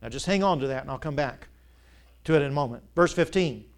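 A man preaching a sermon as pastor, asking rhetorical questions and repeating key lines, his voice rising to loud peaks and dropping low. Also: animated, fast talker. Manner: big swings between loud peaks and quiet drops.

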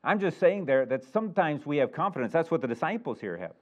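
A middle-aged man preaching a sermon as a pastor, animated and emphatic, chuckling now and then. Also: fairly high pitch, fast talker. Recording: muffled lo-fi recording.

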